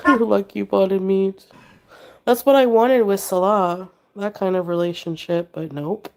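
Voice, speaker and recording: A woman's voice: medium pitch, steady tone, measured pace, a little mellow. Woman with a sick voice, livestreaming. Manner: rambling, drifts between chat comments and her pet. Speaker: livestreamer reading chat. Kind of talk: casual livestream chat.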